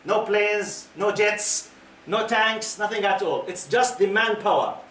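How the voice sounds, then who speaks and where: High-voiced man lecturing in an echoey hall. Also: a little slow, fairly bright tone, slight background noise. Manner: questions the audience and waits for answers; loose, repetitive phrasing with fillers like "okay?". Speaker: Islamic lecturer. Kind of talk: lecture to a youth audience. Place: lecture hall with a live audience. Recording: echoey room picked up from a distance.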